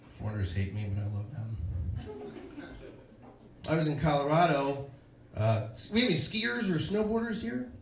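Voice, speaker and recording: A man doing a stand-up set on a club stage, telling stories in a deadpan, self-mocking way. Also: a little high, normal speed, pauses often. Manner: deadpan self-mocking storyteller, jumps into put-on voices. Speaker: stand-up comedian. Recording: echoey club with crowd noise.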